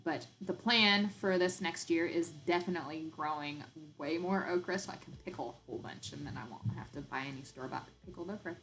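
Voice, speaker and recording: A woman with a light Southern Arkansas accent hosting a casual homesteading live-stream chat. She rambles, laughs often and fills pauses with ums. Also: fairly low pitch, a bit bright, low-quality recording. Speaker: homesteading channel host.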